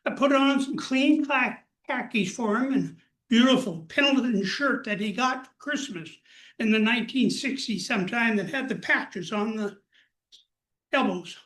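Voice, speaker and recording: An older man recounts a personal story to a gathered group. He speaks in a plain, unhurried way. The room around him echoes noticeably. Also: extremely high pitch, a bit bright.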